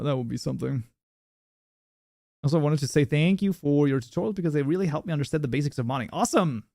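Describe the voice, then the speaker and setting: A male streamer whose first language is German, chatting loosely with his viewers in a fairly high voice. He rambles, restarts his sentences, and breaks into laughter often, recorded close and dry. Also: a little mellow, no room sound. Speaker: livestream host. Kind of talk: casual live chat with viewers.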